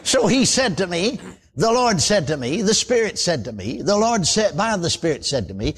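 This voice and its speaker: Animated husky older preacher. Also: male voice, high voice, normal speed. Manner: folksy, animated preaching with amens. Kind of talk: radio sermon.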